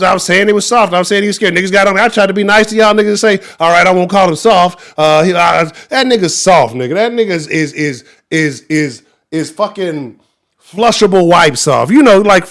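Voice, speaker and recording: Brief: Houston-accented male sports show host, higher voice, angry profane livestream rant. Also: fairly quick. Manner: angry, profane, animated ranting.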